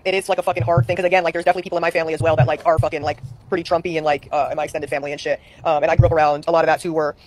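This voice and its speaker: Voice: medium pitch, flat delivery, racing, few pauses, background noise. A streamer in casual chat, rambling and swearing a lot.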